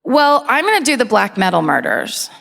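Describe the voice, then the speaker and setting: A woman's voice: on the high side, sing-song, normal speed, vocal fry, fairly bright tone. A woman co-hosting a live comedy podcast on a theater stage, telling rambling stories with dry, self-deprecating humor. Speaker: podcast co-host. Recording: reverberant theater hall.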